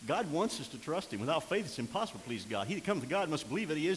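An older man preaching a sermon as pastor, swinging from impassioned near-shouts down to quiet, low storytelling. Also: sing-song, very fast, hardly any pauses. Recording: long hall reverb with faint hiss.

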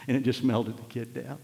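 An older man preaching a sermon, telling folksy stories and rising into loud, emphatic passages. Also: medium pitch, gravelly. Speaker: pastor. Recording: long hall reverb.

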